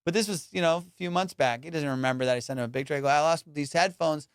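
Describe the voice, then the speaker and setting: A man hosting his own podcast, telling a story in a casual, animated way, swearing and breaking into loud outbursts. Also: medium pitch, racing, clear, resonant tone, no echo, clean studio sound. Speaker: podcast host.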